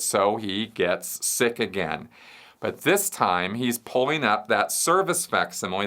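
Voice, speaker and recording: A man's voice: on the low side, sharp tone, smooth. A man hosting a question show, explaining an idea step by step and often checking in with the listener. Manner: explains step by step, checks in with "right?" and "you see". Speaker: show host answering viewer questions. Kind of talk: explanatory solo talk.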